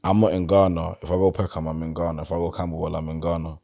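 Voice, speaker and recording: Deep-voiced South London man, relaxed. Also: quick pace, creaky. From London, England. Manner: relaxed storyteller, loose and chatty. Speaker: podcast guest. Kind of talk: casual conversation.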